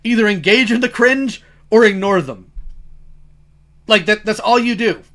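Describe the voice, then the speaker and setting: A man's voice: high voice, measured pace, a bit bright. A man hosting a casual stream, chatty and blunt as he gives advice and tells stories. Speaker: streamer host. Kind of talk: casual commentary.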